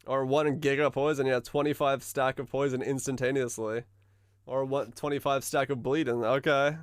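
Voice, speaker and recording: A man streams live, reading game notes aloud and musing over them, trailing off and restarting mid-thought and swearing when surprised. His mid-range voice is clear and resonant, fairly even in intonation at a moderate pace. The studio sound is clean with no room sound.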